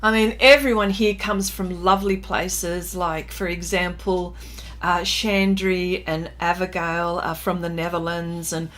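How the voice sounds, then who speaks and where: Aussie lady chatting away on her art stream, slow and rambly, laughs a lot. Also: lowish voice, steady tone, fairly bright tone. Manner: chatty, reads viewer comments aloud, laughs often, slow and meandering. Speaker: art livestream host. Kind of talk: casual livestream chat while painting.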